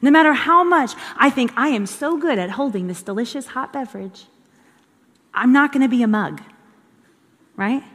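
A woman giving a conversational devotional teaching in an earnest way, repeating phrases for emphasis. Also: high voice. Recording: long hall reverb.

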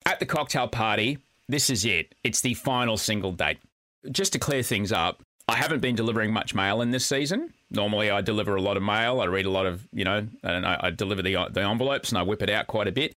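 A man co-hosting a podcast, recapping in a quick, jokey, casual chat. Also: lowish voice, pushed and bright, dry recording, studio quality. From Australia. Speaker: podcast co-host.

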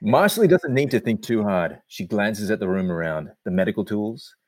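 A man with a fairly low voice who hosts a playful chat and reads scene directions aloud. He teases in a dry, joking way. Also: lively intonation, normal speed, no echo. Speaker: host and narrator.

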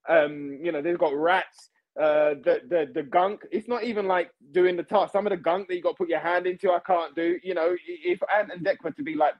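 A man chatting as a podcast guest, animated and repeating himself, calling people mate and bro. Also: a little high, lo-fi sound. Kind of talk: casual chat.

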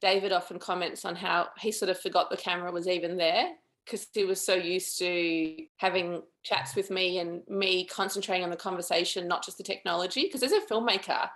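A woman's voice: lowish voice, fairly even intonation, fairly quick, few pauses, fairly bright tone. A woman filmmaker being interviewed, speaking in a thoughtful, earnest and chatty way. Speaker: documentary filmmaker, guest. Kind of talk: interview conversation.

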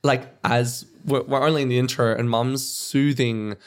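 A young man hosting a podcast, animated and self-mocking, with quick laughs. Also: medium pitch. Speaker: podcast host. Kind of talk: casual chat.

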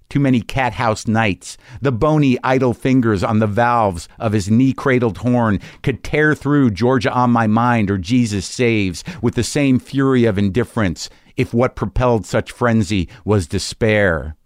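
A man casually recalling a memory, then reading poetry aloud in a slow, expressive way. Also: on the low side, no room sound, clean studio sound. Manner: conversational with fillers, reads verse slowly and expressively. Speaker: poetry reader.

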